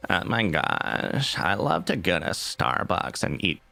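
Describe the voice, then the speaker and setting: Give me a listless young Californian woman, as a man mocks her, dragging every word out in a slow drawl thick with vocal fry. The voice sits low and gravelly and sounds utterly bored. There is faint music behind it. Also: wildly swooping pitch, sharp tone, no echo, full character voice.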